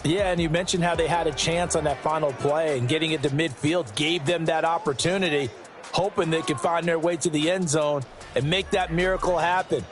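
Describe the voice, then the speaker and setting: A man giving measured, explanatory football analysis as a color commentator for a video game. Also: fairly high pitch, fairly even intonation, over music.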